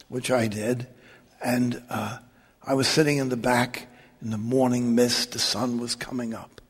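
A gravelly, husky-voiced man, a Catholic priest spinning wry, joking anecdotes. He talks in a lively storytelling way, and his voice carries the long reverb of a big hall. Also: mid-range voice. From New York. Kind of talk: humorous storytelling talk.

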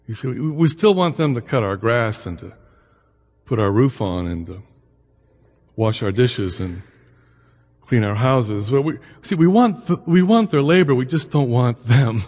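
A man's voice: mid-range voice, animated, unhurried, a little mellow, long reverb tail. A middle-aged man giving a conversational lecture, full of anecdotes, asides and rhetorical questions. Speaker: lecturer on the Bible and immigration.

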